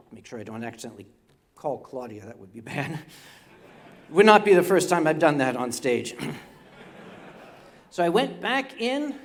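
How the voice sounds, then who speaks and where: On stage before a convention audience, an older man with a strikingly high voice spins a comic story. He trips over words, says things twice, and pauses to toss playful remarks to the crowd.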